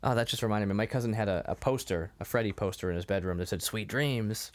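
A man's voice: on the low side, racing. A man co-hosting a podcast in casual chat, who laughs often and acts out the lines of the people he talks about. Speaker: podcast co-host.

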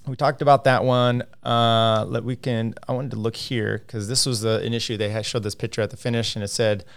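A man's voice: medium pitch, level tone, a little fast, gravelly. A man hosting a casual cycling livestream, rambling with lots of fillers and restarts as he talks through standings and viewer comments.

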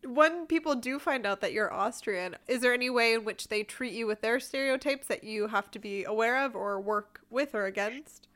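A woman hosting a podcast, asking questions in a relaxed, casual way, laughing often and using "like" as filler. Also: a little high, moderate pace, few pauses. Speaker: podcast host. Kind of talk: casual interview.

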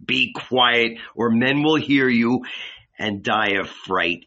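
A fierce, zealous apostle, read by a man in an audiobook who scolds and accuses with indignation. The delivery is slow and bright-edged, and the recording sounds dull and lo-fi. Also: mid-range voice. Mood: indignant scolding.

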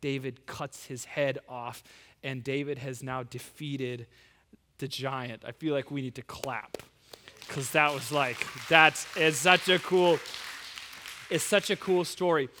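Animated bright-voiced male preacher. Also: medium pitch, takes it slowly, slight background noise. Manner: animated storytelling, casual slang. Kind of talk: sermon. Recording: long hall reverb.

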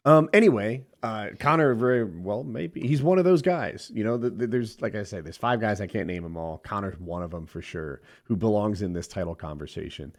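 Male co-host, lively low voice, rambling casual sports talk. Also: fairly quick, few pauses. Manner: animated, rambling with restarts. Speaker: podcast co-host.

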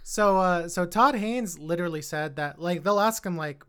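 A woman hosting a casual film podcast, talking animatedly and repeating words when she gets excited. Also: fairly low pitch, normal speed, few pauses. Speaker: podcast host.

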